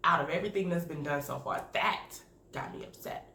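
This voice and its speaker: Animated woman in an echoey room. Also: deep voice, fairly quick. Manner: candid, animated, laughing often. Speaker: video reviewer. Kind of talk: casual reaction commentary. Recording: echoey room with faint noise.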